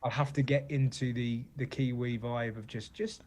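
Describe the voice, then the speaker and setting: An English comedian chatting as a guest in an interview, telling animated anecdotes and often asking "you know what I mean?". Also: male voice, medium pitch, moderate pace. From England. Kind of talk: casual interview chat.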